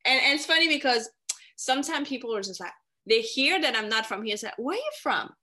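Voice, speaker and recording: Bright lively French woman. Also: fairly high pitch, brisk. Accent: slight French. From France. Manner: lively, animated storyteller, many fillers. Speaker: guest. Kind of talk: casual chat.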